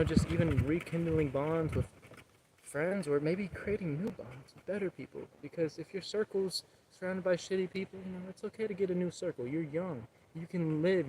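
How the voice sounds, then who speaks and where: A man's voice: on the high side, darkish tone, a little hiss or hum. A young man vlogging outdoors, talking about his recovery and encouraging viewers in an earnest, rambling way. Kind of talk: casual motivational talk. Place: outdoors, public area.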